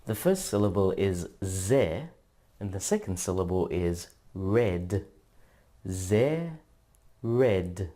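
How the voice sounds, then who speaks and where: A man narrating a scripted language lesson in a measured, instructional way, drawing out syllables for practice. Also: low-pitched, mellow. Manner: slow, measured, drawn-out syllable drills. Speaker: language teacher.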